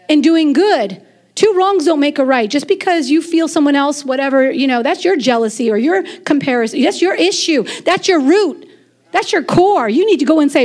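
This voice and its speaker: A woman in her forties giving a lively, conversational sermon as a preacher, with quick asides and laughter. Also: high voice.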